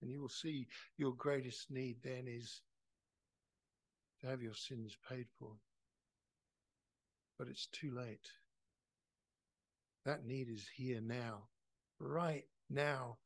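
A man preaching a sermon in church. He is impassioned, asks rhetorical questions and builds to loud, emphatic peaks. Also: medium pitch, steady tone, takes it slowly, long pauses. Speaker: pastor.

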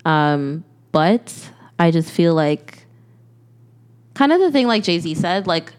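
A young woman co-hosts a casual podcast. Her voice sits low and comes across smooth and clear. She speaks earnestly and haltingly, with frequent fillers. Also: sing-song, a little mellow. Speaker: podcast co-host.

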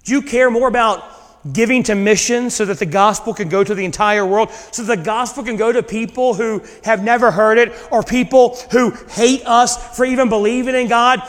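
A man preaching a sermon, reading scripture and paraphrasing it with lively voices. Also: very high-pitched, normal speed. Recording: long hall reverb.

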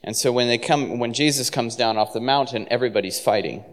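Pastor preaching casually in a reverberant hall. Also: male voice, mid-range voice, fast. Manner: casual, conversational preaching with many fillers. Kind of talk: sermon.

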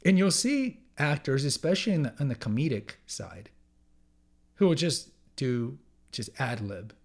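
Male podcast host, solo monologue, mid-pitched voice, emphatic and repetitive, casual with frequent restarts. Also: sing-song, unhurried, creaky. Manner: emphatic, repeats key phrases for effect.

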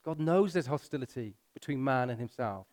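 A pastor preaching a sermon, pushing his voice up for emphasis and slowing down to read scripture. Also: medium pitch, lively intonation, darkish tone.

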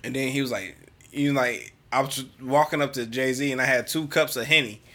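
A man's voice: mid-range voice, brisk, fairly bright tone. A man co-hosting a casual chat, telling rambling stories packed with fillers. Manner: loose, rambling storyteller full of fillers.

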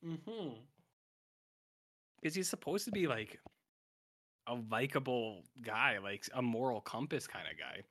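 A man's voice: mid-range voice, lively intonation, unhurried, pauses often, a bit bright. A man co-hosting a podcast, recapping a TV episode in casual chat, rambling and full of filler. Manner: rambling, acts out characters' lines in quotes. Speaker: podcast co-host.

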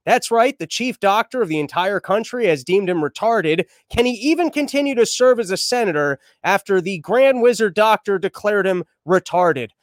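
A man's voice: sits high, expressive, normal speed, few pauses, dry recording, studio quality. A man hosting a podcast, riffing on the news in a crude, irreverent, rambling way. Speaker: podcast host. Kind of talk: comedic news commentary.

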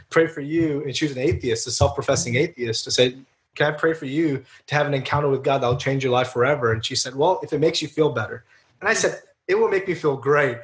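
A man's voice: fairly high pitch, a bit bright. Earnest chatty man telling stories. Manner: earnest, chatty, with frequent fillers and restarts. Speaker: guest. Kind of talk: casual storytelling interview.

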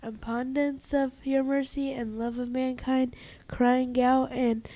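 Woman prayer reader, high mellow voice, slow halting liturgical reading. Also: little pitch movement, low-quality recording. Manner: halting, stumbles and restarts words.

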